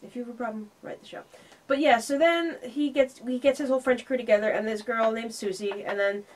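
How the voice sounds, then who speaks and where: Fast-talking sardonic woman reviewer. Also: on the high side, darkish tone. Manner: fast, sardonic, acts out characters' lines. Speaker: co-host film reviewer. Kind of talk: casual movie review chat.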